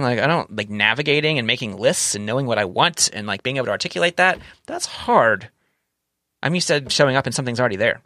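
A man's voice: mid-range voice, lively intonation, quick pace, pushed and bright, dry recording, studio quality. A man co-hosting a podcast in casual chat, rambling and correcting himself, candid and swearing now and then. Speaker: podcast co-host.

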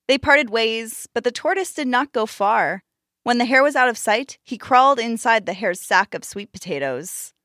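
A woman host narrating a storybook tale with expressive, measured delivery. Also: a little high, no echo, clean studio sound.

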